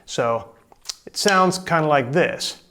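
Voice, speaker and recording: A man teaching drum rudiments in relaxed, casual talk, walking through each stroke step by step. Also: a little high, takes it slowly, background noise. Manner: relaxed, explains step by step, counts in. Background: drums.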